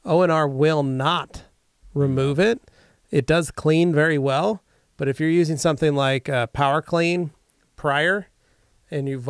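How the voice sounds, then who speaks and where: A man's voice: fairly high pitch, clear, resonant tone, dry recording, studio quality. A man co-hosting a podcast, chatting casually and explaining steps plainly and confidently. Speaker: podcast co-host. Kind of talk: casual chat. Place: podcast studio.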